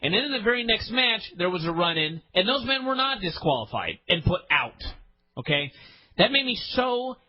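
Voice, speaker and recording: A man's voice: sits high, sing-song, dull audio. A man hosting a podcast, ranting in an exasperated, profane way about a show he hates. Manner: exasperated, profane, fast-shifting rant. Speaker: podcast host. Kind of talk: ranting wrestling podcast chat.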